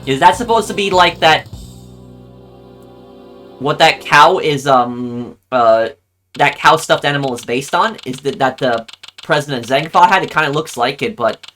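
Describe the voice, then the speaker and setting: Brief: bright, mid-pitched man, casual let's-play chatter, faint music behind. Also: animated, normal speed. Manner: reacts aloud, reads names and dates. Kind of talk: casual gameplay commentary.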